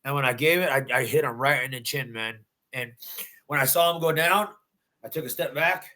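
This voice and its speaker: A man's voice: mid-range voice, a little fast, sharp tone. A man, a bare-knuckle fighter, recounting his win in a post-fight interview with intense, emphatic storytelling and repeated phrases. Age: adult.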